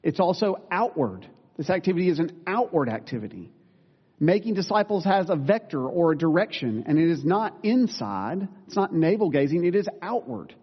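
Earnest preacher in a reverberant hall. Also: male voice, fairly high pitch, sing-song, moderate pace, breathy edge. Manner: earnest, self-deprecating asides, occasional corrections. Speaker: pastor. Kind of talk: sermon. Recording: dull sound with long reverb in a large room.

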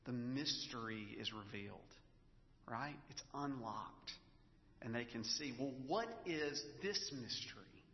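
Pastor preaching in an echoey hall. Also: male voice, medium pitch, lively intonation, a little slow. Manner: conversational, storytelling, emotional at times. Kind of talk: sermon. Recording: echoey hall, dull lo-fi sound.

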